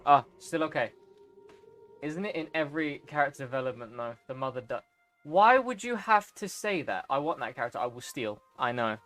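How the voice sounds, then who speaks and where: Animated young man reacting to gameplay. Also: medium pitch, fairly quick, faint music behind. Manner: excitable, emotional reactions with gasps, laughs and outbursts. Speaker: streamer playing a game.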